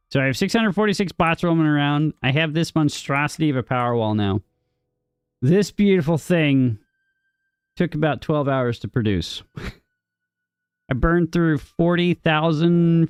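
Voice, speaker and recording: A man's voice: mid-range voice, darkish tone, smooth, dry recording, clean studio sound. A man streaming a strategy game, chatting casually and answering his chat, often repeating words as he talks. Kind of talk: casual gaming commentary, reading chat.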